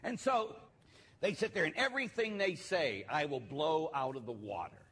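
A man, a Catholic priest, giving a sermon in a relaxed, conversational storytelling manner with playful asides. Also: fairly high pitch, normal speed, slightly rough. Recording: long hall reverb.

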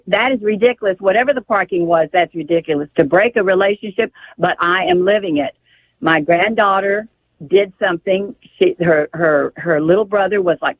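This caller is an older woman whose voice sits on the low side, with a little hiss or hum in the background. She phones in to a radio show to share an emotional family story, pleading and faltering as she goes, over a tinny telephone line.

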